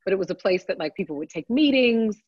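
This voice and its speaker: A woman telling a lively story in casual chat, swearing freely and adding chatty asides. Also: mid-range voice, quick pace, slightly rough, no room sound, dull audio. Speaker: podcast guest, works on a TV set.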